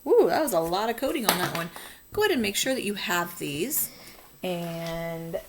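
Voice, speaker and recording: A woman's voice: on the low side, big pitch swings, moderate pace, background noise. A woman teacher talking students through a phonics coding lesson, patient and encouraging.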